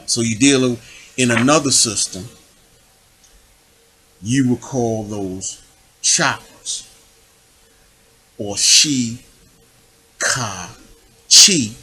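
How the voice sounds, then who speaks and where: Man, unhurried digressive monologue, sharp tone, lots of rhetorical asides. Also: mid-range voice, poor audio. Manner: digressive, full of rhetorical questions. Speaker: public official making his own videos. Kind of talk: rambling spiritual monologue.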